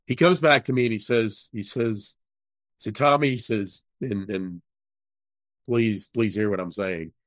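Male interview guest, low register, earnest and halting, dry recording. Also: a bit bright, no echo. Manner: earnest storytelling, halting restarts. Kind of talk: casual interview conversation.

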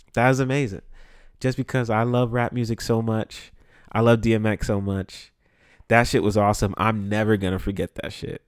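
New man, low voice, very dry sound, profane and animated storyteller with a stuffy nose. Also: no room sound. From the Bronx, New York. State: congested sinuses. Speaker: podcast host. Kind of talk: casual storytelling monologue.

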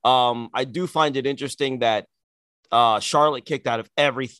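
Man, co-host, opinionated, sarcastic, animated, dry close sound. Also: mid-range voice, moderate pace, clear, resonant tone, dry recording. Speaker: podcast co-host. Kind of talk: casual wrestling chat.

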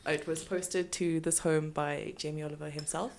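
A woman's voice: sits low, level tone, moderate pace, darkish tone, a little hiss or hum. A woman co-hosting a casual podcast from home, giggling often and narrating small events with mock ceremony. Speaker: podcast co-host. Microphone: podcast microphone.

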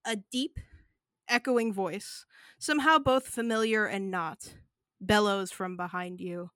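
A woman's voice: medium pitch, a little slow, a bit bright, dry recording. A woman running a tabletop game as game master, narrating in a vivid, descriptive way with some fillers.

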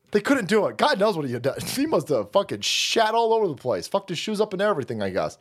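A man's voice: sits high, huge pitch swings, quick pace, few pauses, slightly rough. A man hosting a stream with a crude, profane political rant, mocking and laughing at his own jokes and muttering asides. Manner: rambling, trails off and mutters asides. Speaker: streamer host.

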